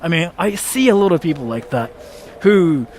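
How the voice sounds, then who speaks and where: High, animated man telling stories. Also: normal speed, slight background noise. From Japan. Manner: excitable, laughs and swears often. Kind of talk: casual storytelling to viewers.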